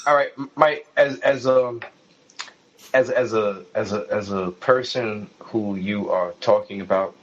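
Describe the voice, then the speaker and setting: A man's voice: on the low side, a little slow, muffled recording. A man from New York City who jokes and laughs often while co-hosting a casual podcast. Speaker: podcast co-host.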